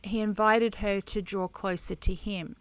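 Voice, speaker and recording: A woman teaching a devotional Bible lesson on camera while she colors, earnest and halting, with many restarts. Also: medium pitch, fairly even intonation, clear, resonant tone, no room sound. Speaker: conference speaker teaching Bible journaling.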